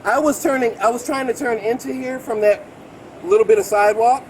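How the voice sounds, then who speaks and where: Man, late 30s, very high voice, agitated, rambling, outdoors, body cam, faint background noise. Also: brisk, poor audio. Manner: rambling, excitable, repeats "bro". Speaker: complainant speaking to police. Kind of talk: agitated street account to an officer. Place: outdoors beside a road. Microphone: police body camera.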